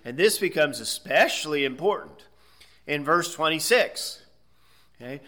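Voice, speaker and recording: A man teaching a Bible lesson in a bright, sharp voice pitched a little high. He explains things step by step, pausing to check with "okay?" as he goes. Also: lively intonation. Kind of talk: expository Bible lecture.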